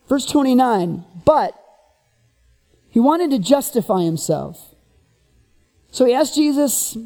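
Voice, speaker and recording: A preacher giving a sermon, who retells the story in an animated way and keeps asking the listeners rhetorical questions. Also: medium pitch, a little slow, long pauses, in a large hall.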